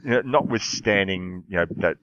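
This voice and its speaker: Low-voiced man rambling about a film. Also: moderate pace, fairly bright tone, dry recording. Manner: rambling, many restarts. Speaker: podcast host. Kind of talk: casual chat about a film. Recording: slightly dull lo-fi sound.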